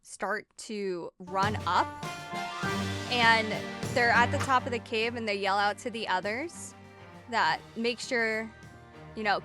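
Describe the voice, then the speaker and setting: A woman's voice: a little high, takes it slowly, bright, forceful tone. A woman streaming as game master of a tabletop game, narrating the action and teasing her players with laughs and swearing. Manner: giggly, swears freely, playful teasing. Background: faint music.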